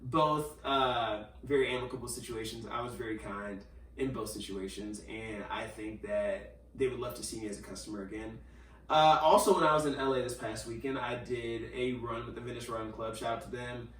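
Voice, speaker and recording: A man's voice: medium pitch, moderate pace, distant mic. A man hosting a podcast, telling a story in casual chat, acting out the quotes with lots of fillers. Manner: animated storyteller, acts out quotes, many fillers. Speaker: podcast host. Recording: roomy sound, a little off mic.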